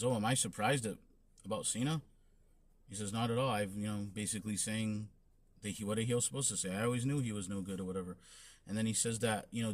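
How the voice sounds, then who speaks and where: Male host, casual solo wrestling review; loose, rambling delivery full of fillers. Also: mid-range voice. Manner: rambling, many fillers and restarts.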